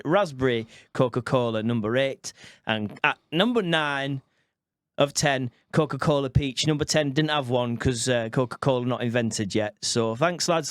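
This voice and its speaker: A man's voice: mid-range voice, moderate pace, no room sound, studio quality. A man co-hosting a podcast, joking and laughing in casual banter. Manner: jokey, laughs a lot, teasing. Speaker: podcast co-host.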